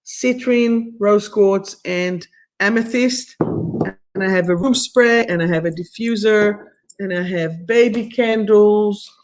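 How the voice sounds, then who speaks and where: Soothing woman reading oracle cards. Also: medium pitch. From Israel. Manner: soothing, affirming, slightly non-native phrasing. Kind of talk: live-streamed guided meditation and card reading.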